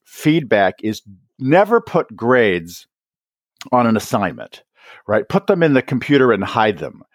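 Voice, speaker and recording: A man speaking as an interview guest, his pitch rising and falling a lot as he acts out little scenes between teachers and students. The sound is close and dry, with no room behind it. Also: dry recording. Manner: animated, acts out teachers and students in quick asides. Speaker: guest, author and educator. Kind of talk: podcast interview.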